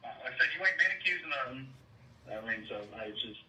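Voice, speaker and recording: A man following up on a complaint as an officer, talking haltingly and repeating his words. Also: medium pitch, expressive, pushed and bright. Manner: halting, repeats words, drawling southern phrasing. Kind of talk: recorded conversation. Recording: echoey and distant with faint noise.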